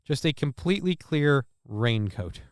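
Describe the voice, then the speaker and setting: Sarcastic rambling man with a smooth voice. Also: medium pitch, lively intonation, a little slow, no room sound, clean studio sound. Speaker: streamer reacting to videos. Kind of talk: casual reaction commentary.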